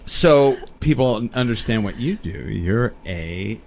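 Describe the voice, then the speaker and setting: A man's voice: lowish voice, animated, slow pace, vocal fry, darkish tone. A man hosting a podcast in a small studio, joking around in casual banter. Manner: jokey, slips into silly quoted voices. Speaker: podcast host. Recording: faint air conditioning hum behind.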